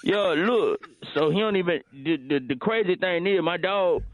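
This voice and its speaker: A man's voice: high-pitched, normal speed, close to an everyday voice. A man voicing a dim, boastful male caller from the hood who stammers and fills his talk with "uh". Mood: deadpan bragging. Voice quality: hesitant, full of stammers and "uh". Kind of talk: comedy phone prank bit. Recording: tinny dry phone line.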